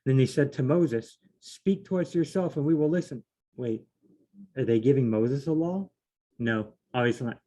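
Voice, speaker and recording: A man hosts a solo Bible study, reading verses aloud and then paraphrasing them in a loose, fumbling way, often correcting himself. His mid-range voice is warm in tone and moves at a moderate pace.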